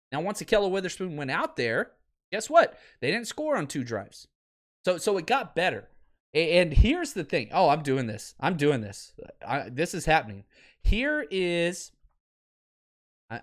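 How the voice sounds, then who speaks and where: Animated ranting man, wild pitch swings. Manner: animated, ranting, swearing, repeats himself. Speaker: sports podcast host. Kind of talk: sports commentary rant.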